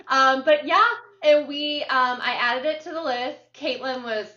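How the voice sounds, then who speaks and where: A woman co-hosting a podcast, chatting casually as an animated storyteller who fills her talk with ums and uhs. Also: high-pitched, unhurried. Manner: animated storyteller, lots of fillers. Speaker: podcast co-host. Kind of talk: casual chat. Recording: roomy, distant, dull sound.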